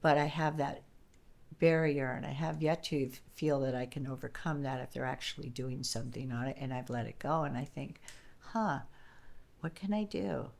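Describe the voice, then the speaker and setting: Low-voiced earnest woman server. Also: steady tone, brisk, gravelly, darkish tone. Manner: earnest, repeats words, storytelling. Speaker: diner server. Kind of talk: casual interview talk.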